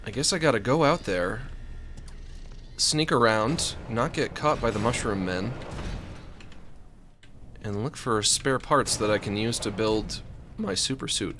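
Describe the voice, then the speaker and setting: A man's voice: medium pitch, unhurried, long pauses, a bit bright. A man streaming a game, rambling and joking, with panicky yelps when chased. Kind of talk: let's play commentary.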